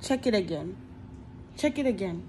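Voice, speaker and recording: A woman's voice: mid-range voice, animated, moderate pace, mellow, slight background noise. A woman, a mother filming her small child, talking in a playful, mock-sad teasing way in a casual home video.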